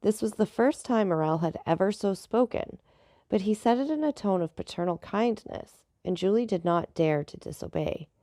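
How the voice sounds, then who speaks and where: A woman narrating a classic novel in a measured storybook reading, giving the dialogue light voices. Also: medium pitch, expressive, mellow, no echo, studio quality. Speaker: audiobook narrator.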